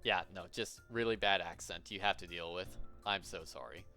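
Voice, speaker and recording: A man's voice: low-pitched, normal speed, bright, forceful tone, soft background music. A man streaming a game reading, narrating and making apologetic, self-deprecating asides.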